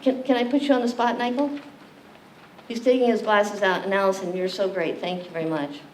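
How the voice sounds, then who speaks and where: A woman's voice: mid-range voice, a little fast. A woman leading an interactive community library lecture, joking with the audience and quizzing them. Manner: animated, jokey, questions the audience. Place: library meeting room. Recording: echoey room, distant mic, faint hiss.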